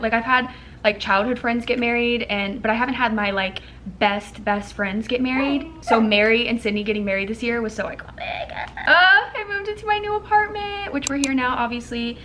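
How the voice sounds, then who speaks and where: A woman in her thirties chats to her viewers in a loose, rambling way, stacking up fillers as she goes. Her voice sits a little high, with a faint hiss behind it. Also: sharp tone. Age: 30s. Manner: chatty and rambling, full of fillers. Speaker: content creator. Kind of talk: casual chat.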